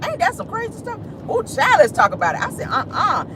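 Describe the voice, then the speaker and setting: A sassy gossip vlogger talks from inside a car, with a very lively, swooping delivery. The talk is loose and animated, full of asides and bursts of laughter. Faint noise hums underneath. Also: very high-pitched, fast. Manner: sassy, animated, laughing, peppered with "honey" and "child". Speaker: vlogger and gossip show host. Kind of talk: casual celebrity gossip monologue.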